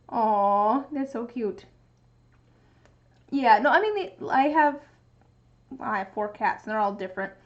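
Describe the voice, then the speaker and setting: A young woman chats casually on a livestream. She talks in a fairly high voice and slips into a cooing baby voice for her cat. The sound is muffled and lo-fi. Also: expressive, slow, pauses often. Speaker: streamer. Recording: muffled lo-fi stream audio.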